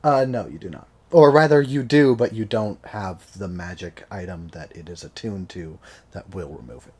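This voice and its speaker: A man running a tabletop game as game master, describing scenes with many pauses and filler sounds. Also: sits low, a little mellow, slightly rough.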